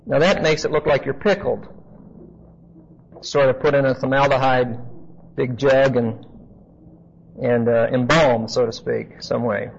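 A man teaching a Bible class in a conversational way. He spells out word meanings slowly, repeats key phrases and asks his listeners questions. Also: mid-range voice, steady tone, creaky, slightly rough. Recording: muffled lo-fi recording.

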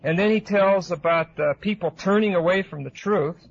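Man, Bible teacher, lecture style, halting with fillers, raised pitch, dull lo-fi recording. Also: creaky. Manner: hesitant with frequent uh fillers, asks class questions.

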